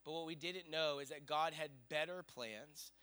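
A middle-aged man preaching, telling a story in an animated, excitable way. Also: fairly high pitch, normal speed, smooth. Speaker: pastor. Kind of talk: sermon storytelling.

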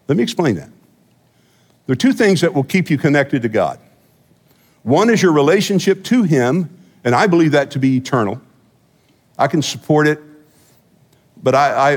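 Joking pastor preaching in a reverberant sanctuary. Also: male voice, mid-range voice, normal speed, long pauses. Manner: conversational and joking, with frequent restarts and repetitions. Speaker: senior pastor. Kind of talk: sermon. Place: church sanctuary.

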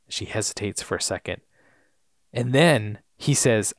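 A man's voice: lowish voice, moderate pace, no echo, clean studio sound. A man co-hosting a podcast, retelling a TV episode in casual chat and acting out the lines in funny voices. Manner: lively storytelling, acts out lines in funny voices. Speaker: podcast co-host.

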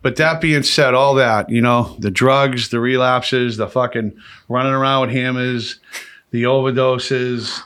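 A man, hosting a podcast and telling profane, animated stories with laughs. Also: mid-range voice, a little slow, clean tone. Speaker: podcast host. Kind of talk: casual storytelling chat.

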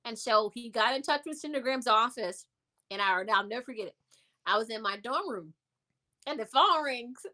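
Woman guest, lively storyteller, slightly high and bright voice, acts out quotes. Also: fairly quick. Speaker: interview guest. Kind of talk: casual storytelling.

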